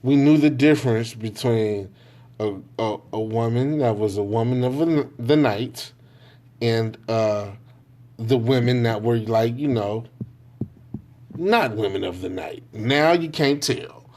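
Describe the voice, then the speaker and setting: A man with a mid-range, darkish-toned voice delivers a solo rant as host of his own podcast. Swearing in street slang, he mimics others as he goes, tossing off fast impressions.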